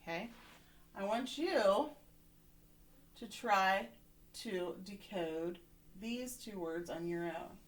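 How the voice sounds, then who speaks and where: A woman's voice: medium pitch, slow, pauses often. Teacher lady walking little kids through phonics, upbeat, keeps saying right?. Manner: encouraging, repeats "right?" often. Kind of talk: remote phonics lesson for children.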